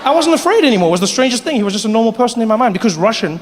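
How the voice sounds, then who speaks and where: A man's voice: very high voice, racing. A man performing stand-up comedy, telling stories animatedly and speaking to the audience. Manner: animated storytelling, addressing the audience. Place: comedy stage in a large hall. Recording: large hall with live audience.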